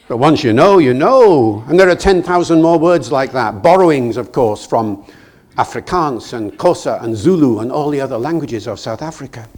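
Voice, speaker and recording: An older man from Britain giving a public lecture in a lively, self-mocking way, telling anecdotes and chuckling at his own jokes. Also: mid-range voice, fairly quick. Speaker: guest lecturer. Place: lecture hall.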